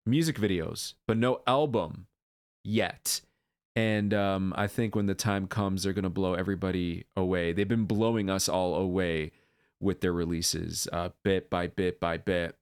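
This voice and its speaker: A man reacting to a dance video on his channel, gushing with excited whoops and earnest talk full of ums and uhs. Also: low voice, measured pace, clean tone, no room sound, clean studio sound. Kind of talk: casual reaction vlog.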